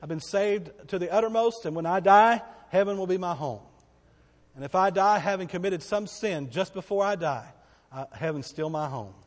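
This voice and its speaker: A man preaching a sermon as pastor, swinging between loud, emphatic declarations and hushed, quiet passages. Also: high voice, animated, moderate pace, in a large hall.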